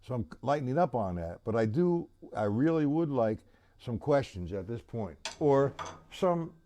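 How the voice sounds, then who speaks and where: A man's voice: mid-range voice, very animated, moderate pace. A man teaching a live-streamed drum lesson, chatty and loose, counting beats aloud while he plays. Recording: loud drum kit playing behind voice. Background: drum kit playing.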